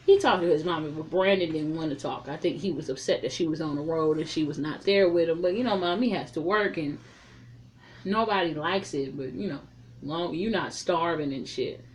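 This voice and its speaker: A woman's voice: low voice, brisk, a little hiss or hum. A woman reviewing a film in a casual, rambling recap, swearing freely and drifting off on tangents. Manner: rambling, profane, loose and chatty.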